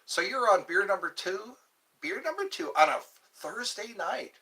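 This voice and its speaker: A man's voice: high voice, big pitch swings, normal speed, pushed and bright, far from the mic. A man hosting a casual livestream, rambling and joking as he chats with his viewers. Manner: rambling, jokey, chatting with viewers. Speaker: livestream host.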